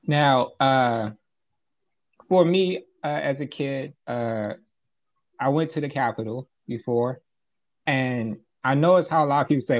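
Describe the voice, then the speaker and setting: A man co-hosting a casual talk show who explains things step by step in a measured way. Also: medium pitch. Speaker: podcast co-host. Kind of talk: casual commentary. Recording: slightly dull, muffled audio.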